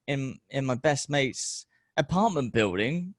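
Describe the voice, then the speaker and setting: A middle-aged man hosting a loose, casual talk. He rambles through stories, swears freely and jumps into animated voices. The recording is dry and close. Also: medium pitch, measured pace, dry recording. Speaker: podcast host. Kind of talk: casual chat.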